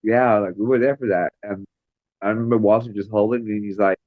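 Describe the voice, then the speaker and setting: A middle-aged man, a makeup artist and female illusionist, telling stories in an interview with lively acted-out quotes and frequent laughter. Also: fairly low pitch, brisk, no echo. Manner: animated, acts out quoted voices, laughs often. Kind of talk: storytelling interview. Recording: dry, slightly dull lo-fi recording.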